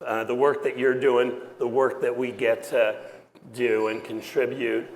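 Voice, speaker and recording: A sports team executive speaking on an event panel before a live audience, measured and pausing with fillers. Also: male voice, medium pitch, level tone, slight background noise. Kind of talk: speech on a panel. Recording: long hall reverb, crowd murmur.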